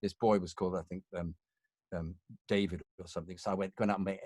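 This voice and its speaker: A middle-aged man, a voice actor and interview guest, telling stories in an animated, self-deprecating way and acting out voices. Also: deep voice, fast, no room sound. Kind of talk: casual interview storytelling.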